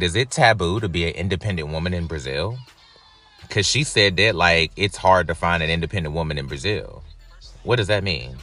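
Low-voiced guy doing reaction commentary, super animated, cussing, faint music behind. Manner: animated, wry, swears freely. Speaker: reaction vlogger.

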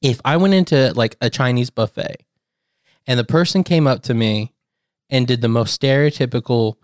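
A man's voice: mid-range voice, moderate pace, dry recording, studio quality. A man in casual podcast chat who rambles through his points and swears freely.

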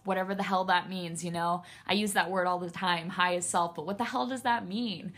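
A woman's voice: fairly low pitch, fairly even intonation, fairly quick, hardly any pauses, a bit bright. A woman hosting a solo podcast, speaking in a raw, candid way, emotional and close to tears, swearing freely. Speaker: podcast host.

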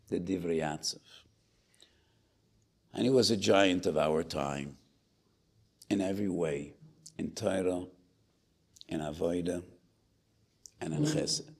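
A man's voice: deep voice, creaky, breathy edge. An older man with an Israeli accent giving a Torah lecture to a congregation, telling a story and building to emphatic rhetorical questions.

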